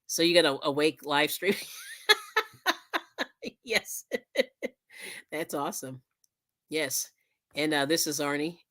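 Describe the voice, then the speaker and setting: A woman hosts a laid-back crafting stream, laughing frequently and thanking viewers as she chats. Her voice is low-pitched, a bit bright and fairly even, delivered slowly with long pauses.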